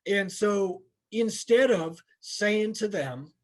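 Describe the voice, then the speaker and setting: A man's voice: sits high, animated, takes it slowly. Earnest plainspoken middle-aged man. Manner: earnest, plainspoken, restarts often. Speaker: instructor. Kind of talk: candid training talk with retold dialogue. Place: training session room.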